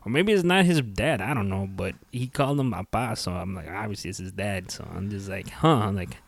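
A man's voice: lowish voice, a little fast, vocal fry, no room sound. A man co-hosting a casual chat, telling stories and acting out the people in them. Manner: animated storyteller who acts out quotes. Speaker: podcast co-host.

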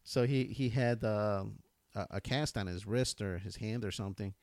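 A man co-hosting a podcast, telling relaxed stories and chatting casually. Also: moderate pace, no room sound. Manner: laid-back storytelling, quotes his son in a high voice. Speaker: podcast co-host.

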